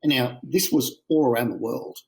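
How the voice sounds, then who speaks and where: Guy being interviewed, explains stuff calmly, lots of ums and uhs. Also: mid-range voice, gravelly, rough recording. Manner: measured and explanatory, with hesitant fillers. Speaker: futurist guest. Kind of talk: interview answer.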